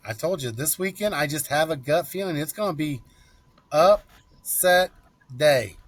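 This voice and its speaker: A man in a casual sports chat, relaxed and agreeable. His voice sits a bit above the usual male pitch. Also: a little fast, no echo. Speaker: podcast co-host.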